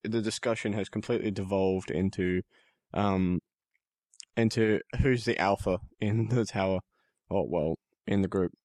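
Australian man guesting on a podcast, low-pitched, rambling, dry close sound. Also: steady tone, measured pace, a little mellow, no echo. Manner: rambling, restarts and fillers while thinking aloud. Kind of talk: casual podcast chat.

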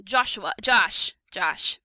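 A woman hosting a podcast, chatting casually and recapping an episode, upbeat and quick to laugh. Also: medium pitch, expressive, pushed and bright, dry recording. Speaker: podcast host. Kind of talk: casual chat and story recap.

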